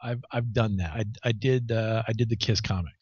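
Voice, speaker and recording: A man talks in a lowish voice, rambling and blunt, trailing into restarts and the odd curse. The recording is dry and dull, with a muffled lo-fi tone. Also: a little fast, darkish tone, breathy edge, no echo. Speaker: comic artist guest. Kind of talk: casual interview talk.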